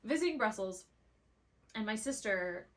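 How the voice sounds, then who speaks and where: A Canadian woman co-hosting a podcast in a studio, telling stories in casual chat with quick asides. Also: medium pitch, lively intonation. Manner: chatty storyteller, quick asides. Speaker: podcast co-host.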